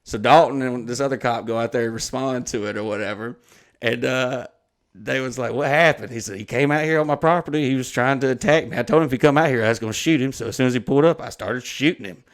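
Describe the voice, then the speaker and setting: A man's voice: medium pitch, quick pace. Rambling, profane man in his thirties. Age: 30s. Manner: rambling, profane, laid-back. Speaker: podcast co-host. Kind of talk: casual storytelling chat.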